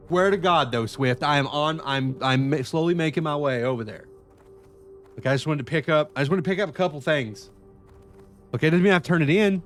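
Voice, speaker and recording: A man chatting casually to viewers while streaming a game, swearing a lot and swinging between excitement and frustration. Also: mid-range voice. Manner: profane, excitable, talks to chat. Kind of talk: live-stream gameplay chat.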